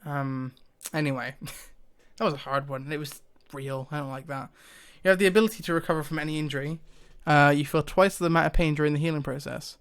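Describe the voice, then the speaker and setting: Guy chatting to camera, kinda high smooth voice, umms and laughs a lot. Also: steady tone, brisk, hardly any pauses, a bit bright. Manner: hesitant, thinks aloud, laughs often. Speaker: YouTuber. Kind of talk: casual commentary to camera.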